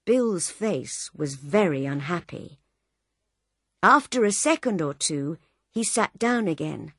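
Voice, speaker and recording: A woman reading a simple story aloud in clear, deliberate narration. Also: low-pitched, lively intonation, fairly bright tone, no room sound, studio quality. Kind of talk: graded reader audiobook narration.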